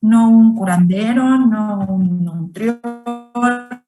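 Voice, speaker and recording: Lady teacher on a video call, talks slow, repeats stuff, roomy far-off sound. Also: a little high, mellow, faint music behind. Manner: slow, repeats points and asks students questions. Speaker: English teacher. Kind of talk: online grammar lesson.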